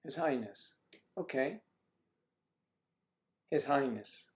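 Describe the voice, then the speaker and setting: A man's voice: mid-range voice, lively intonation, takes it slowly. A man hosting a casual livestream chat with viewers, rambling and joking with lots of fillers.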